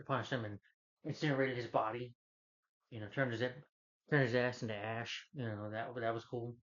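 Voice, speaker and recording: A man ranting through a movie review in a mid-pitched voice, blunt and meandering, circling back to the same points. The audio is a bit dull and lo-fi. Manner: blunt, rambling, repeats himself with filler yeahs. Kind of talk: unscripted rant review.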